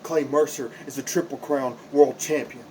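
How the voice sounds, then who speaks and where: A man's voice: mid-range voice, fairly even intonation, moderate pace, warm tone, a little hiss or hum, poor audio. Impassioned man cutting a wrestling promo. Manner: impassioned, repetitive, confrontational. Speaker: backyard wrestler.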